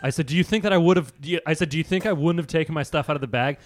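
A man's voice: on the high side, very fast. A man co-hosting a podcast, telling an annoyed travel anecdote in casual chat and acting out both sides of the dialogue. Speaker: podcast co-host.

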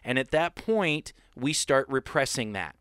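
A man's voice: medium pitch, big pitch swings, unhurried, a bit bright, clear, resonant tone, no room sound, studio quality. A man co-hosting a podcast, talking casually and explaining his ideas at length. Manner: earnest, rambling explainer. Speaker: podcast co-host.

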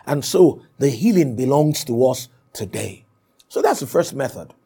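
A man's voice: mid-range voice, big pitch swings, moderate pace, warm tone, husky. A man preaching a sermon, emphatic and repetitive, often stopping to say "Amen.". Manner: emphatic, repeats points, punctuates with "Amen".

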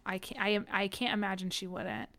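A young woman co-hosting a podcast, chatting casually about a book, animated and laughing, swearing freely. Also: medium pitch, fairly quick. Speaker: podcast co-host. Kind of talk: casual book discussion chat.

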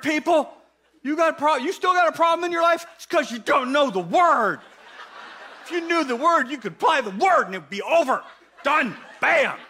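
High, bright-voiced male preacher. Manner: animated, playful, emphatic with sudden loud bursts. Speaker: guest preacher. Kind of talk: sermon. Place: church.

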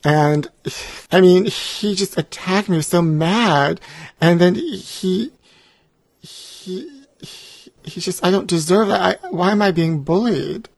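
A woman's voice: on the low side, measured pace, darkish tone. A woman in a comedy sketch, ranting indignantly and pitying herself as a victim. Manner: indignant, self-pitying rants. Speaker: comedic guest.

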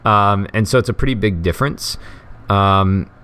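A man co-hosting a podcast, talking loosely and joking, with many ums and restarts. His voice sits low and sounds smooth and resonant. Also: normal speed, fairly bright tone. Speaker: podcast co-host. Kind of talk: casual chat about fantasy football.

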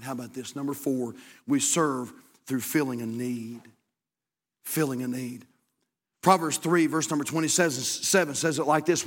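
A man preaching a sermon as pastor, swinging between shouted, climbing exhortation and hushed, low storytelling. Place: church sanctuary. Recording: long hall reverb.

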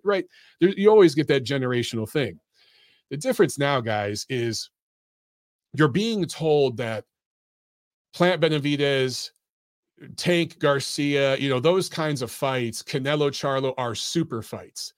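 A man in his forties talks at a middle pitch in a blunt, lecturing tone, addressing his listeners as "guys" as he hosts his podcast. His voice sits close and dry, with almost no room around it. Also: moderate pace, no room sound. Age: 40s. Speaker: podcast host. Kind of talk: opinionated boxing commentary monologue.

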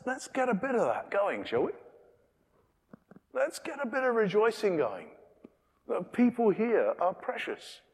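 A middle-aged British man preaching a sermon in a church, animated and acting out the characters' lines. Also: mid-range voice. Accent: British English. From Britain. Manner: animated, acts out dialogue with changing voices. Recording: long reverb of a church hall.

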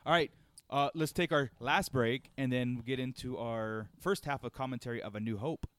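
A man's voice: medium pitch, moderate pace, a bit bright. A man hosting a casual podcast chat, easygoing as he runs the segments. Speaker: podcast host.

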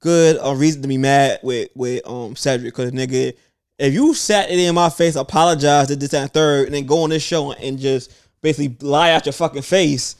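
A man co-hosting a casual podcast chat, relaxed and profane, quick to agree or push back. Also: medium pitch, clear, resonant tone. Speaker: podcast co-host.

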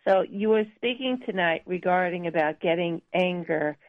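Female caller to a radio show, heard over a tinny phone line. She speaks politely in a lowish voice. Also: moderate pace.

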